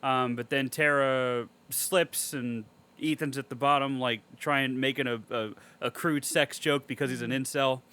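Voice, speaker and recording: A man recapping a movie in a casual podcast chat, excitable and swearing a lot. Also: medium pitch, a little slow, smooth. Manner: excitable, heavy swearing, animated storytelling. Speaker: podcast co-host.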